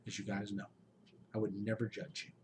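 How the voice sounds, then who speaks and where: A man in his late forties giving an emotional personal update to his channel's followers, heartfelt and pleading, often halting with restarts and sighs. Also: on the low side, monotone, noisy background. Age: 40s. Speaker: YouTube game master channel host.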